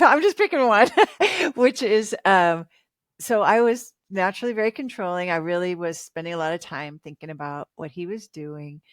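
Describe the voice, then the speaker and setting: A woman's voice: fairly low pitch, no echo, clean studio sound. A woman in her fifties, a relationship author talking as a guest in a casual interview, chatty and reflective and laughing often.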